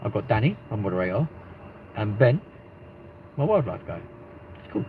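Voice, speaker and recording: A livestream host with a London accent rambles through casual banter and swears freely. His voice is fairly low and very animated, at a moderate pace with frequent pauses, and the recording is muffled lo-fi with faint noise.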